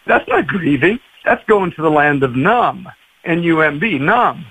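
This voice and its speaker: A pastor, a man, guest on a radio talk show, telling stories with lively acted-out quotes. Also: fairly high pitch, moderate pace, husky, poor audio. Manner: animated, acts out quoted voices.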